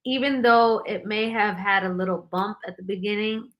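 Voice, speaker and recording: A woman's voice: mid-range voice, normal speed, muffled recording. A woman hosting a podcast, chatting in an encouraging way and laughing often. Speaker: podcast host. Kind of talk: casual podcast interview.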